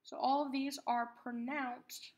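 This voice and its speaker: A woman teaching a math lesson, patiently explaining terms and repeating key words slowly. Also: sits high, level tone.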